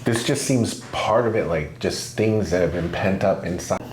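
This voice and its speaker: A man's voice: deep voice, moderate pace, echoey room, noisy background. A man in his forties, a patient, talking casually and reflectively with frequent laughs. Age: 40s. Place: treatment room.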